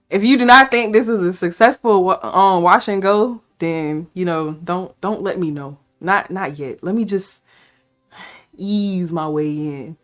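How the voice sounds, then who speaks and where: A woman vlogger talking casually to camera in a playful, excitable way, hyping herself up. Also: fairly low pitch, unhurried. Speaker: beauty vlogger.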